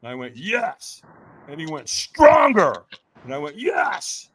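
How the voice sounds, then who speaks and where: A man's voice: fairly high pitch, big pitch swings, a little fast, pushed and bright. A man, a podcast guest, telling a dramatic story, acting out quotes and often checking in with "right?". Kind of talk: animated storytelling.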